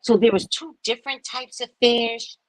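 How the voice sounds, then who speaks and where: A woman telling a story casually to her viewers, animated and swearing, often checking in with "right?". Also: fairly high pitch, normal speed, low-quality recording. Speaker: vlogger, spiritual reader.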